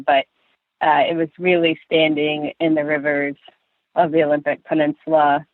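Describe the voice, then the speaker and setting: A woman from Virginia, a fishing guide, tells stories about her life at an unhurried pace in a podcast interview. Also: low-pitched, no room sound. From Virginia, USA. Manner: unhurried, anecdotal storytelling with frequent pauses. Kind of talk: podcast interview, personal storytelling. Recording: tinny phone-line audio, dry.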